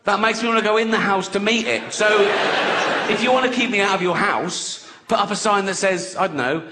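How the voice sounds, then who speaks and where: Crude comic on stage. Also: male voice, sits high, fairly quick. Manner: crude, mocking, acts out silly voices. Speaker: stand-up comedian. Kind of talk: stand-up routine. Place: stage before a live audience. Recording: loud background noise from a live crowd. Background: loud audience laughter.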